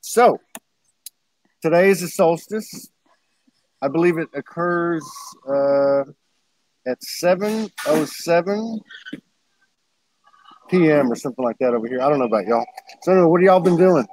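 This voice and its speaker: A man's voice: on the high side, lively intonation, moderate pace, long pauses, a little mellow, slight background noise, rough recording. A man hosting a casual livestream chat over a video call, talking in a rambling way and laughing often. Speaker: host.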